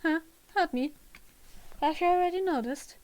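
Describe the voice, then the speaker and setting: A woman reading the lines of a loud, eager, excitable young woman from a game. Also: very high voice, moderate pace, pitched above the performer's own voice. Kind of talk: reading game dialogue aloud.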